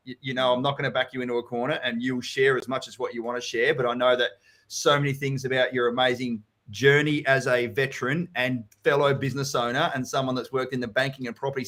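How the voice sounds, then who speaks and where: An Australian man in his thirties hosts a relaxed live-stream chat over a video call. He talks bluntly, swears often, and keeps things chatty. His voice sits at a middle pitch. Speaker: host, property coach.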